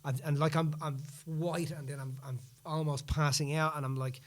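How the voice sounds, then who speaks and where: A man with a voice a touch higher than usual tells a story in relaxed podcast chat. He slips into the voices of the people he quotes, keeping the telling lively and animated. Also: moderate pace. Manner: animated, acts out quoted speech in the retelling. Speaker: podcast host.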